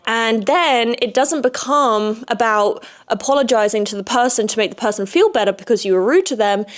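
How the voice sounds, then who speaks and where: A young woman hosting a podcast, talking candidly and rambling in a frank personal monologue, swearing freely. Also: fairly high pitch. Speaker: podcast host.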